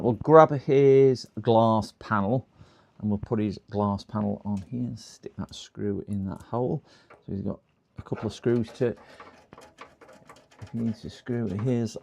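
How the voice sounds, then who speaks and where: A man's voice: medium pitch, gravelly, dark tone, slight background noise. A man talking casually on a livestream while repairing a PC, muttering to himself as he works. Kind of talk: casual live commentary while working.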